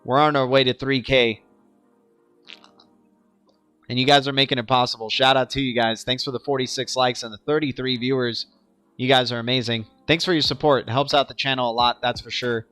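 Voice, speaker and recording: A man's voice: mid-range voice, steady tone, a little fast, fairly bright tone, smooth, dry recording, soft background music. A young man of Cuban background hosting a crypto livestream, chatting casually with viewers and often stumbling and repeating words.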